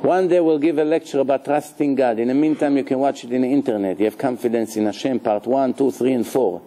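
A man, a rabbi, giving a live Torah lecture in a lively, joking way, questioning his listeners and sprinkling in Hebrew terms. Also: medium pitch, fast talker, slight background noise.

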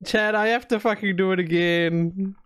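A man's voice: normal speed, clean tone, no room sound. A man streaming live, chatting casually into a desk mic with jokes, swearing and sudden playful voices. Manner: swearing, joking, lively shifts in pitch.

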